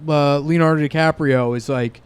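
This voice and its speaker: A man's voice: on the high side, fairly even intonation, normal speed, smooth. A man co-hosting a casual podcast, giving profane, opinionated takes on films. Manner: profane, opinionated film critiquing. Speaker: podcast co-host.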